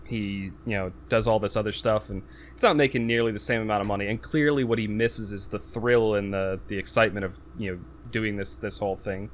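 This man's voice sits on the low side with fairly even intonation and a fairly quick pace, against slight background noise. Chatting casually on a podcast, he recaps a movie's plot in a rambling way, with many fillers and restarts, and acts out quotes in a raised voice.

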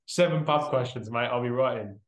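A man's voice: mid-range voice, a little fast, roomy sound. A man co-hosting a casual podcast, answering quiz questions with dry, rambling jokes. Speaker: podcast co-host, quiz contestant. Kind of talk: casual banter.

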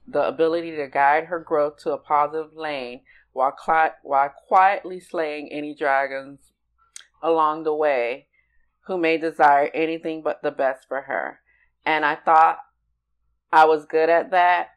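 An older woman with a notably deep, low voice reads a heartfelt letter aloud at a careful, measured pace. She speaks deliberately, giving each phrase its weight. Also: fairly even intonation, rough recording. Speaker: podcast co-host. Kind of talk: reading a personal letter aloud.

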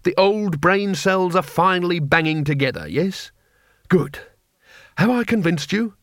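A man's voice: high voice, animated, fairly bright tone, dry recording, clean studio sound, voice pushed up. A man reading an audiobook, voicing a nervous, sardonic male wizard who argues in an exasperated, needling way. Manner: exasperated, needling, quick to flee. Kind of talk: audiobook character voice.

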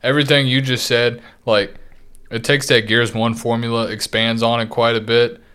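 A man's voice: medium pitch, little pitch movement, normal speed, fairly bright tone, clear, resonant tone. A man co-hosting a podcast, teasing and joking in profane casual chat. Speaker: podcast co-host.

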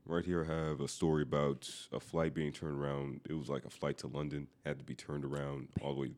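A man co-hosting a casual podcast, relaxed and retelling a news story. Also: extremely low pitch, a little fast. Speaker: podcast co-host. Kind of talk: casual chat.

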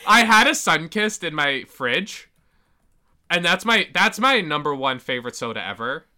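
A young woman co-hosting a podcast, blunt and expressive in casual chat, swearing freely. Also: low-pitched, moderate pace. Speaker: podcast co-host.

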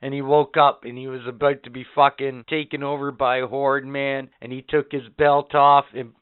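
A man hosting a casual podcast, counting down favorite moments with excited, profane storytelling. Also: medium pitch, moderate pace, clear, resonant tone. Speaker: podcast host. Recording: phone-like narrow band.

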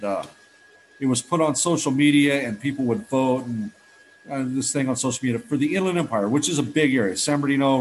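A man's voice: medium pitch, low-quality recording. A middle-aged man with a mid-range voice speaks at a recovery meeting. He tells his story earnestly and from the heart, often restarting his sentences. A faint hiss of noise sits behind him. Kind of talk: personal testimony talk.

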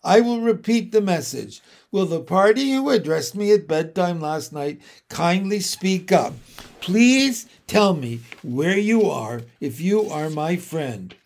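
A man's voice: sits high, expressive, slow, exaggerated voice. A man voicing an eager, polite young male pig in a storybook reading, earnest and a little formal. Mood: formal, loud.

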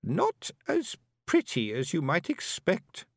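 A man's voice: fairly high pitch, wildly swooping pitch, takes it slowly, gravelly, no echo, studio quality, voice pushed up, exaggerated voice. A man doing an old grandmother spinning a yarn. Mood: storytelling. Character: chatty old grandmother telling a tale.

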